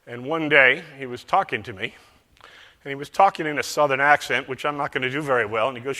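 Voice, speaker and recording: Male keynote speaker with a folksy storytelling manner; tense, bright tone echoing through a big conference hall. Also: mid-range voice, quick pace. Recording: echoey large hall.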